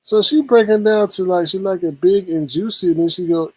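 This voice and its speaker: A man's voice: high voice, lively intonation, moderate pace, a little mellow, husky, no room sound, low-quality recording. A man hosting a live-stream gossip commentary show, teasing and exclaiming as he greets the chat and runs through the night's topics. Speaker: host.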